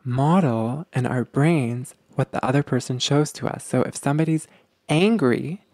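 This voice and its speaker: A man's voice: mid-range voice, moderate pace, a little mellow, no room sound, clean studio sound. A man hosting a podcast, explaining ideas to his listeners in an earnest, casual way, repeating himself and calling them "guys". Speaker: podcast host. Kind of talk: casual advice podcast talk.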